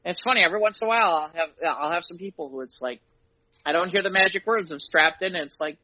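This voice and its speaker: A man co-hosting a podcast and chatting casually about running tabletop games as game master, acting out his players' lines in quick voices. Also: high voice, pushed and bright, highs cut off. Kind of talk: casual chat.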